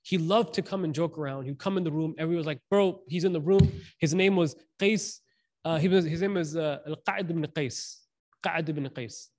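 A man preaching in a loose, conversational way, slipping into slang and acting out the people in his stories. His voice sits a little higher than most men's, and his energy rises and falls as the story unfolds. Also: normal speed. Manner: casual, animated, slangy, acts out quotes. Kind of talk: sermon storytelling.

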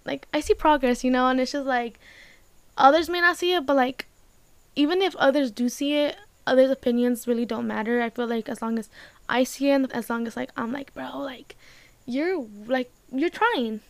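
A woman's voice: sits high, fairly even intonation, a little fast, smooth, no room sound. A young woman talking casually and emotionally to her viewers, rambling with many fillers, close to tears. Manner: rambling, emotional, heavy use of "like", swears casually. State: tearful. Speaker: vlogger. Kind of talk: casual personal talk to camera.

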